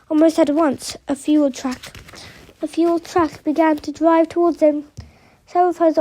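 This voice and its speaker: A woman reads a novel aloud in a high, mellow voice. She stumbles often, restarting and correcting words as she goes. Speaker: reader of an audiobook.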